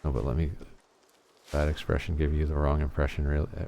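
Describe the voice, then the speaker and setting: A very tired man streaming a game and chatting candidly with viewers in a soft-spoken, rambling way. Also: very deep voice, little pitch movement, quick pace, vocal fry, a little hiss or hum. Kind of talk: casual live-stream chat with viewers.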